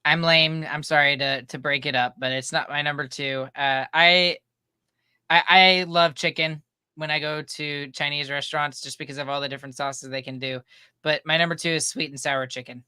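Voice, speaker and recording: Smooth, bright male podcast co-host. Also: a little high, fairly even intonation, no room sound, clean studio sound. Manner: laughs easily, halting restarts. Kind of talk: casual chat.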